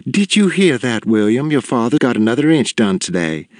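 A man's voice: mid-range voice, sing-song, normal speed, darkish tone, no room sound, clean studio sound, pitched above the performer's own voice, lightly acted. A man doing a brittle, weary mother. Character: weary middle-aged mother, brittle and worn down.

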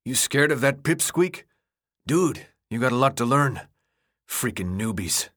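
Man voicing a sarcastic teen boy, breathless, bossy, mocking, lively swings in pitch, audiobook. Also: a little slow, no echo, studio quality. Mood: scornful. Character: brash sarcastic teenage boy runner, worn out.

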